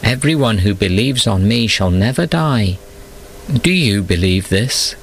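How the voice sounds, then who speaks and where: A man voicing a calm, gentle teacher in measured speech, in a storybook reading. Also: on the low side, creaky, slight background noise.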